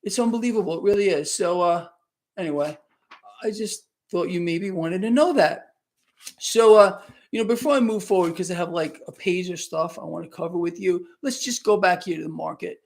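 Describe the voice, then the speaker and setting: A market commentary host runs a live wrap-up stream, taking viewers' questions in an emphatic, sarcastic, conversational way. His voice is high-pitched and gravelly at normal speed, recorded on a new microphone.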